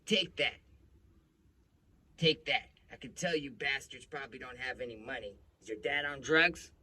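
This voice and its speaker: A man voicing an abusive, foul-mouthed male police officer who shouts and sneers. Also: mid-range voice, normal speed, pitched above the performer's own voice. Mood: defensive. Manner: shouting, crude, bullying.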